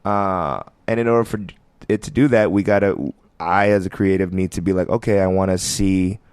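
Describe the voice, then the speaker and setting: An American man in his thirties, a comedian guest on a casual podcast, telling animated, rambling stories and laughing often. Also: low-pitched, brisk, clear, resonant tone, no echo.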